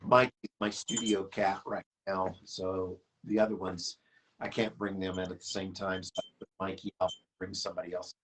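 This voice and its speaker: A man's voice: sits low, moderate pace, noisy background. Laid-back man guesting on a live stream. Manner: relaxed and easygoing. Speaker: guest artist. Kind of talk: casual chat on a live stream. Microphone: webcam or computer mic on a video call.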